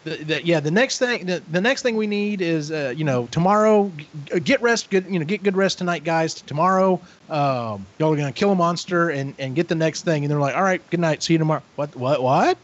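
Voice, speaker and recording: A man co-hosting a casual podcast, retelling a story with lively acted-out voices and frequent swearing. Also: a little high, a little fast, hardly any pauses. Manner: animated retelling, acts out characters, swears freely. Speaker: podcast co-host. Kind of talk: casual book recap chat. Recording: dull lo-fi audio.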